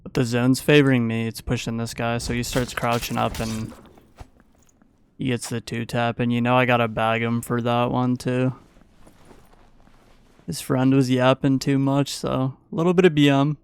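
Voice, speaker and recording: Gaming YouTuber, male, mid-pitched, gravelly yet smooth, easygoing play-by-play voice-over. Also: level tone, normal speed, no room sound. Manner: casual, playful play-by-play recap. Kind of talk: gameplay commentary voice-over.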